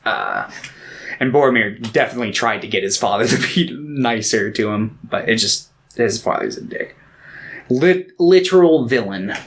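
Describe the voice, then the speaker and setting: A man's voice: mid-range voice, very animated, moderate pace, fairly bright tone, slight background noise. A man co-hosting a movie podcast, retelling scenes in loose, profane casual chat and briefly putting on character voices. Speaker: podcast co-host.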